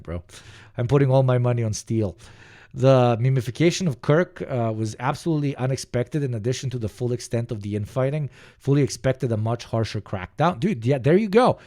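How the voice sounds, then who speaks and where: A man's voice: mid-range voice, a little fast, warm tone. A young man streaming, reacting to clips in rambling, profane, laughing commentary with many restarts.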